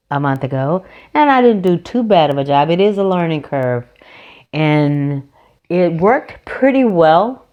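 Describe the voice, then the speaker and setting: A woman's voice: low-pitched, a little mellow, lo-fi sound. A woman chatting casually in a nail vlog, rambling through a story with restarts and self-corrections. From North Carolina, USA. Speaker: nail vlogger. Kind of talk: casual chat. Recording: background guitar music.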